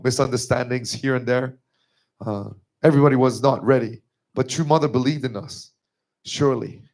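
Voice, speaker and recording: Emotional man giving a church testimony. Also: a little mellow. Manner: emotional, rising to high strained pitch when moved. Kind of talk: personal testimony sermon.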